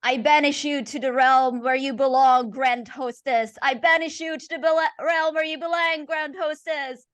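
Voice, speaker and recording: A priest chanting a banishment , put on by a woman at a tabletop game, with a loud, commanding voice raised high. The recording is dry and close. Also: fairly even intonation, moderate pace, dry recording, lightly acted. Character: old male priest banishing a demon.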